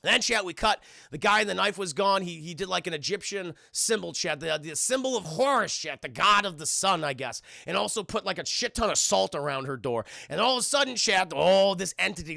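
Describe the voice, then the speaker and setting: A man streaming a casual TV episode review, talking excitably and profanely while addressing his chat. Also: high-pitched, vocal fry, dry recording, clean studio sound.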